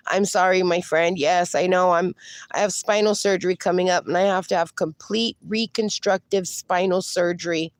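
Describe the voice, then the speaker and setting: Outdoors, a woman with a lowish voice livestreams casually, chatting, reading viewer comments aloud and calling people darling. She's in some pain and sounds slightly strained. There's no echo.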